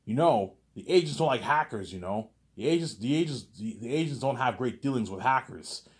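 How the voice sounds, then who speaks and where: A man voicing a gruff, dismissive male police officer who speaks in short, commanding orders. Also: mid-range voice, lively intonation, brisk, voice pushed up, lightly acted. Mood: stern.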